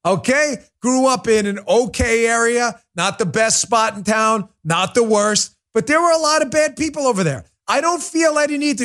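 A man's voice: very high-pitched, lively intonation, measured pace, fairly bright tone. Exasperated ranting male host. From New York City. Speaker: podcast host. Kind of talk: political commentary show.

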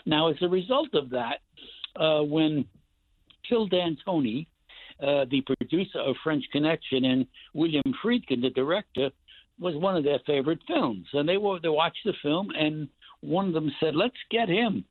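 An older man telling rambling, animated stories as a guest actor, with many restarts. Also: a little high, normal speed. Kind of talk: casual storytelling interview. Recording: tinny phone line, dry.

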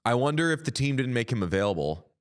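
A man's voice: medium pitch, big pitch swings, fast talker. A man in his thirties, a co-host of a hockey podcast, chatting casually and telling anecdotes that he laughs through. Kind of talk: casual chat.

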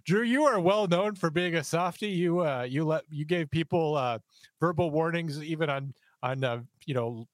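A man's voice: fairly high pitch, normal speed, no room sound. A man hosting a podcast, teasing his co-host with wry, casual remarks.

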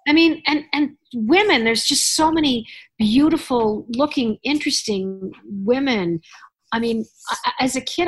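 Chatty woman, rambling warmly. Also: fairly high pitch, husky. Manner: chatty, rambling with many restarts. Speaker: podcast host. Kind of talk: casual chat.

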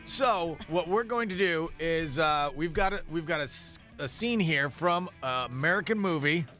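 A male radio host talking in a studio with a bright, forward tone, a little on the higher side. He keeps things moving with upbeat game-show banter, with faint music beneath. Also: lively intonation, moderate pace. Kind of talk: casual on-air banter.

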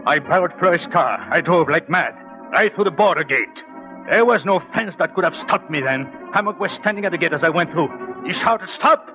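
A man playing the leading husband and narrator in a 1940s radio drama, talking in a hushed, intense, pleading way. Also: fairly high pitch, expressive, moderate pace, lightly acted. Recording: dull 1940s radio broadcast with faint music.

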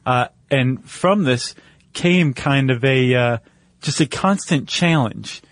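A man's voice: mid-range voice, slow, no echo. A man co-hosting a casual podcast chat, joking and loose, with plenty of fillers. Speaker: podcast co-host.

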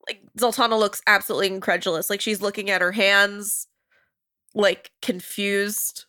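A woman tabletop player speaking in character, halting and emotional, with stammered restarts. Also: mid-range voice, fairly even intonation, sharp tone, no room sound, clean studio sound. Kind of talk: tabletop role-play, in and out of character.

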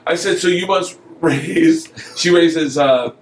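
A man's voice: on the high side, takes it slowly, echoey room, poor audio. A man telling a long comic story in casual chat, swearing often and acting out the voices of everyone in it. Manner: profane, animated, acts out every voice in the story. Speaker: comedian telling a story as podcast guest.

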